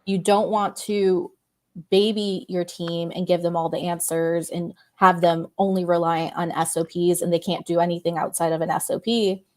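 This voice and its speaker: A woman guest, a business coach, speaking in casual chat with a measured, encouraging coaching manner. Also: on the low side, level tone.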